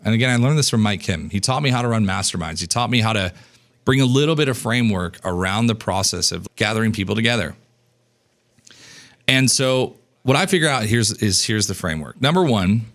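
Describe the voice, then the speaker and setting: A man in his thirties teaching business coaching in an energetic, casual way, acting out snippets of dialogue and swearing now and then. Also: fairly quick. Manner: animated, acts out dialogue in a higher voice, casual swearing.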